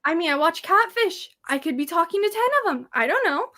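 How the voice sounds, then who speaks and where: A woman's voice: extremely high pitch, expressive, quick pace, sharp tone. A woman in her twenties, a guest chatting casually in a bubbly, giggly way with lots of "like". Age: 20s. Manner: bubbly, giggly, heavy use of "like". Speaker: guest, paranormal radio host. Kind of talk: casual chat.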